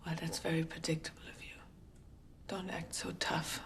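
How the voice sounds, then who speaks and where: A woman's voice: deep voice, level tone, moderate pace. An actress playing a cool, taunting young woman in a film, speaking in a whispery voice.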